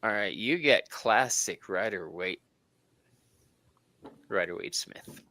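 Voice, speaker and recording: A man hosting a live tarot stream, joking and laughing often in an animated way. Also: lowish voice, slow pace. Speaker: tarot reader and stream host. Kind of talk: livestream tarot chat.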